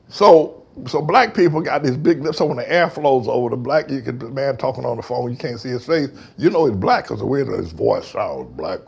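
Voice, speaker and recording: A man with a high, wildly swooping voice hosts a talk show in a heated monologue. He talks in loose slang, mocks freely and climbs into shouting bursts. The whole delivery is fiery and restless. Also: creaky, breathy edge.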